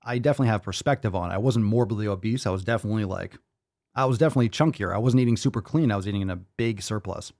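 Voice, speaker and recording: A man's voice: lowish voice, racing, darkish tone. A man hosting a live-stream podcast, reading viewer comments aloud in a profane, hyped-up, sarcastic way. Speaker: podcast host.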